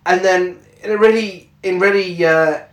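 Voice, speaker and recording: A man casually recapping a film plot with laughter, doing quick silly voices for the quotes. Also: high voice, fairly even intonation, roomy sound. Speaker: podcast co-host recapping a film. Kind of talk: casual comedic chat.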